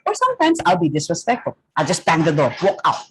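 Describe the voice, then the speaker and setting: A middle-aged woman with a Filipino accent giving a lively talk to students, often checking in with "okay?". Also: on the low side, quick pace, a little hiss or hum, poor audio. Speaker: guest speaker.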